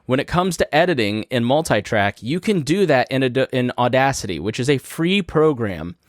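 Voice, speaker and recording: A man hosting a podcast talks through a topic step by step, plainly and conversationally, from his studio. His mid-range voice has big pitch swings at a normal speed. He uses a studio mic through a podcast mixing board, and there's no echo.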